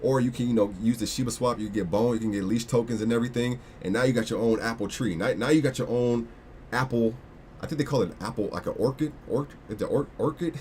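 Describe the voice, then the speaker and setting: A man's voice: medium pitch, fast, a little mellow, slight background noise. A young man hosting a casual crypto livestream, rambling with lots of restarts and slangy asides.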